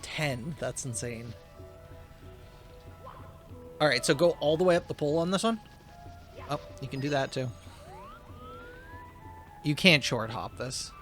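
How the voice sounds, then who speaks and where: A man's voice: medium pitch, measured pace, long pauses, faint music behind. A young man co-hosting a podcast, chatting casually while playing a video game and telling stories animatedly. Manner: animated storyteller, swears casually. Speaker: podcast co-host.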